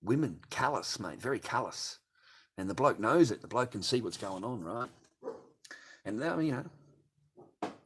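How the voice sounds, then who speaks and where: A man's voice: mid-range voice, lively intonation, unhurried, long pauses, fairly bright tone, husky. An older man hosting a late-night livestream, ranting crudely and swearing constantly. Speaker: livestream host.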